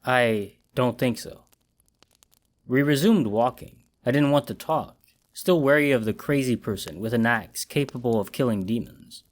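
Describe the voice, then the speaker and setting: A man giving a scripted horror story narration in a measured, dramatic storytelling manner. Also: mid-range voice.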